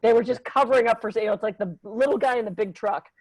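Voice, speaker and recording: A woman's voice: fairly high pitch, a little mellow, dry recording, poor audio. Effusive woman podcast host, dry close sound. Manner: effusive and emotional, quick to praise. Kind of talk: casual interview chat.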